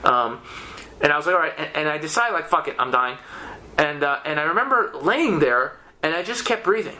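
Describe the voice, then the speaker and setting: Fast, bright-voiced man telling a wild story. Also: on the high side. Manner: profane, animated, many restarts. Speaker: podcast guest. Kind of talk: casual storytelling.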